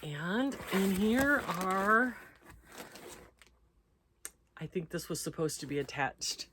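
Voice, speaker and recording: Slow-talking woman crochet vlogger. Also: mid-range voice, lively intonation, fairly bright tone, a little hiss or hum. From United States. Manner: chatty, reads out letters and thanks senders. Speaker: crochet channel host. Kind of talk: casual unboxing chat.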